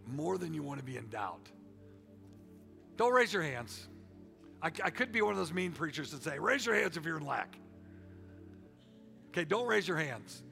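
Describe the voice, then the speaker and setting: A middle-aged male pastor preaches in a folksy, joking, emphatic way. His voice is bright and a little high for a man. Soft music plays faintly behind him. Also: vocal fry. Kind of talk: sermon.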